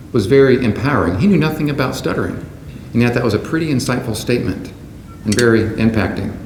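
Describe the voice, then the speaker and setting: A man delivering a prepared, measured keynote speech to a conference audience in a large hall. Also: medium pitch, a little mellow. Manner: measured, deliberate delivery from a script. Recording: roomy hall sound with faint background noise.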